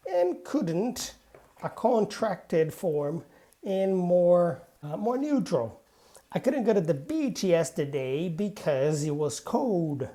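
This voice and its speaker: English teacher lady, slow and careful, mellow lowish voice, walks through grammar examples. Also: big pitch swings. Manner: deliberate, models example sentences aloud, frequent "yeah". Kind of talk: spoken grammar lesson.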